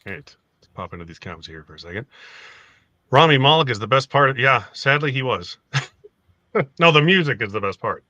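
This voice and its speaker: A man's voice: mid-range voice, lively intonation, a little fast, pauses often, bright, forceful tone, no echo, muffled recording. A man hosting a casual livestream about collecting films, laughing often and reading viewer comments. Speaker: host of a film collectors' show.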